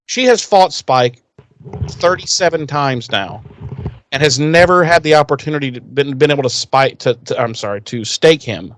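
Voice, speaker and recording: A man co-hosting a podcast, recapping a TV episode in casual chat, animated and profane. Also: a little high, moderate pace, a little hiss or hum. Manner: profane, animated retelling with acted quotes. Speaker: podcast co-host.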